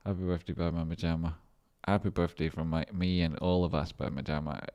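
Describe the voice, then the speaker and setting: Male trading streamer, very low voice, loose rambling chat with jokes and swearing. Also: steady tone, quick pace, darkish tone, dull audio. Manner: rambling, joking and swearing while reading chat. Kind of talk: casual livestream chat.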